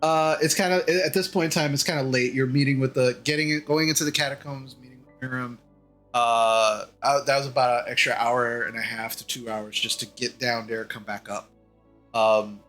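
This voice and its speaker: A man's voice: mid-range voice, a bit bright. A man narrating a tabletop game as game master, hesitant with many fillers.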